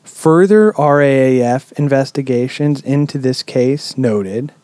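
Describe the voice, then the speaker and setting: A man hosting a podcast, telling a story in a relaxed, chatty way with lots of "um"s and casual swearing. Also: medium pitch, a little slow, dry recording. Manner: relaxed, swears freely, many "um"s. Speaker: podcast host.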